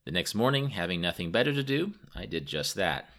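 A man's voice: low voice, big pitch swings, a little fast, hardly any pauses, a bit bright. A man from the United States narrating a travel memoir in a wry, self-mocking way.

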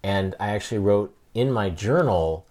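A man's voice: on the low side, lively intonation, normal speed, a little mellow. A man hosting a podcast, talking casually and thoughtfully, telling stories. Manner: reflective, thoughtful storytelling. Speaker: podcast host. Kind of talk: casual conversation.

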